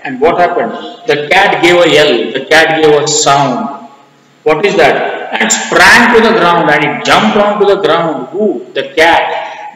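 A man's voice: a little high, bright, forceful tone. A man with an Indian English accent teaching a school English class, explaining a poem word by word and asking and answering his own questions. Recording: echoey, reverberant room.

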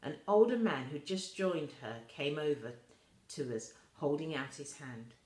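A woman with a low voice reads a children's story aloud at an unhurried, gentle pace. Her voice rings in an echoey room. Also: animated. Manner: slow, soft reading with quoted voices lifted higher. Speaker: reader of a children's novel. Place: school room.

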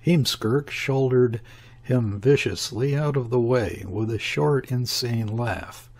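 A man reads a classic novel aloud in a measured, even narration. His delivery is slow and unhurried, with a husky, slightly breathy texture at a middle pitch. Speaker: audiobook narrator.

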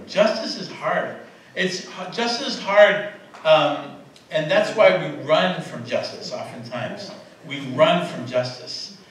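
A fairly high-voiced man delivers a sermon in a casual, chatty way, often stopping to fix his words and laughing with his listeners. He is recorded from a distance in a very reverberant church sanctuary, with faint room noise behind him. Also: fairly bright tone. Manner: conversational, self-correcting, laughing asides to the congregation. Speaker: preacher.

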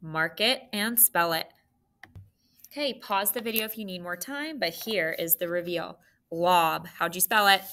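With a fairly low pitch and a bright, forceful tone, a woman teaches phonics spelling. She patiently spells letters out slowly and goes over answers with her class.

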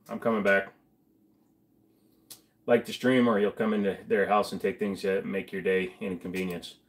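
Low-voiced man chatting on a livestream. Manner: chatty, reads chat aloud, mumbles asides. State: feeling sick to his stomach. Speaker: livestream host. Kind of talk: casual livestream chat.

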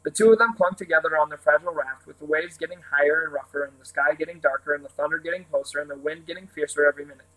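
A man narrating a children's storybook aloud in a steady, plain way. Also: a little high, rapid-fire, few pauses, low-quality recording. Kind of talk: reading a children's book aloud.

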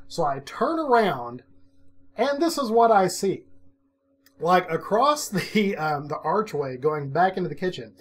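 Animated man telling a spooky story. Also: sits high, moderate pace. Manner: animated, self-mocking, laughs often, acts out his own quotes. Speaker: vlog host telling a personal story. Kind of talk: casual storytelling.

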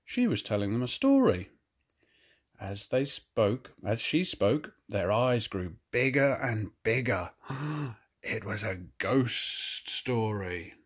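Slow, lively older grandad reading a storybook. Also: male voice, fairly low pitch. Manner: gentle, expressive, pointing out pictures. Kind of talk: reading a picture book aloud to children.

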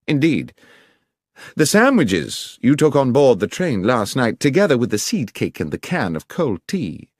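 A man voicing a brisk, incisive male detective in an audiobook, with crisp, precise diction. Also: mid-range voice, big pitch swings, no echo, studio quality, voice pushed up. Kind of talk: audiobook character reading.

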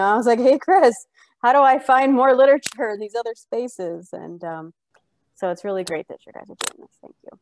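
Woman, video call, eager, conversational, low pitch, dry close sound. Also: gravelly, darkish tone, no room sound. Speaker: faculty member, conference participant. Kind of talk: casual discussion on a video call.

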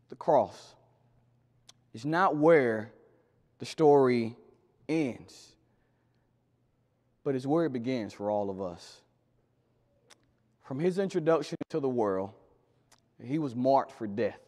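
A man preaches a sermon in a church sanctuary, swinging between loud, emphatic lines and quiet, low drops. The recording carries long hall reverb.

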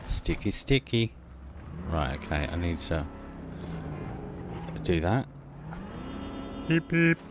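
A man's voice: a bass voice, background noise. A man commentating a let's-play, chatty and joking, talking to himself and making car noises as he drives. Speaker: gaming video host.

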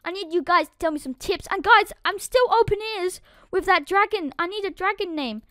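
Woman gaming youtuber, high voice, jumps from mumbling to yelling, dry close mic. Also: brisk, dry recording. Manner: excitable, swings from muttering to loud outbursts. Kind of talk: live game commentary.

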